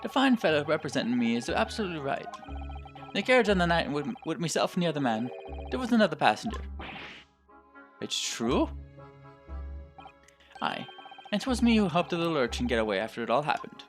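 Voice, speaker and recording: A man voicing a nervous male witness with a put-on Scottish accent, halting and repeating his words, with rustic old-fashioned phrasing. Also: on the high side, sing-song, faint music behind. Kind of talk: game voice-acting playthrough.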